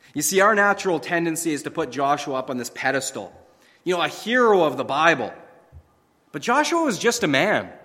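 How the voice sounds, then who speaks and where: A man with a high voice preaches a sermon in a church sanctuary, and a long reverb hangs after his words. He presses his points with rhetorical questions and repeats them for emphasis. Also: a bit bright. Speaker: pastor.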